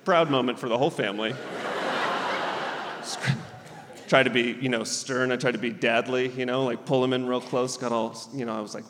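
A man's voice: medium pitch, brisk, long pauses, long reverb tail. A man in his thirties from Southern California, telling stand-up stories and laughing as he talks. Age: 30s. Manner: laughing, animated storytelling with character voices. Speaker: stand-up comedian and guest. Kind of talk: stand-up set then talk-show chat. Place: theater stage.

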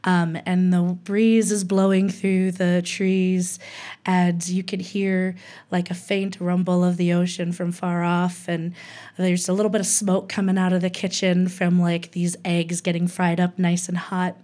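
A woman's voice: on the low side, completely flat delivery, unhurried, dark tone. A woman from Hawaii telling a personal story in a candid, humorous way, laughing between lines.

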